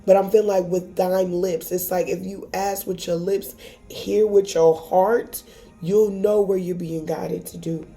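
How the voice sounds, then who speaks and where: A woman's voice: fairly low pitch, level tone, a little slow, dark tone, soft background music. A woman giving a casual tarot reading to camera, emotional and encouraging, swearing freely. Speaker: tarot reader.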